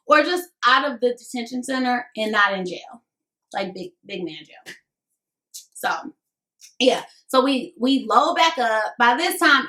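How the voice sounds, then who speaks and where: A woman in her twenties telling a casual storytime vlog, chatty and animated, talking straight to viewers. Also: sits high. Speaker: vlogger. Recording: echoey room.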